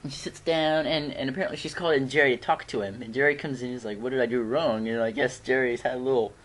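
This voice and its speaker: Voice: mid-range voice, fast talker, a bit bright. A fan reviewer chatting casually at home, rambling with frequent giggles and restarts.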